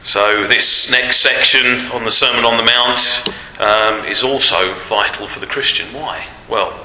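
A male preacher giving a Sunday sermon, asking rhetorical tag questions and pausing on fillers, in a church hall with a long reverb. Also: medium pitch, steady tone, bright, forceful tone. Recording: roomy hall reverb, faint noise.

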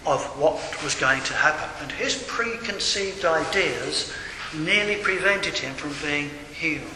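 Older preacher in an echoey hall. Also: male voice, fairly high pitch. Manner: conversational, digressing, wry asides. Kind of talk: sermon. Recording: echoey hall with faint room noise.

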